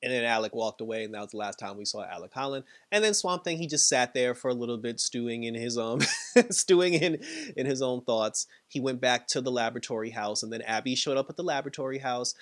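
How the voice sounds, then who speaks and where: A man's voice: medium pitch, fast talker. Laughing, chatty male show reviewer. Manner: chatty, laughs often, heavy on fillers like "like" and "you know". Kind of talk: casual episode recap.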